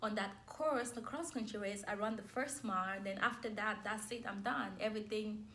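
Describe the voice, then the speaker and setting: A woman's voice: medium pitch, normal speed, fairly bright tone, a little hiss or hum. A young adult woman sharing a personal faith testimony in a candid, emotional way, with light laughs between her words.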